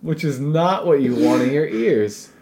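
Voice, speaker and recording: A man's voice: on the high side, animated, measured pace, mellow. Dry, exasperated young man. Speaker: podcast co-host. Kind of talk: casual banter.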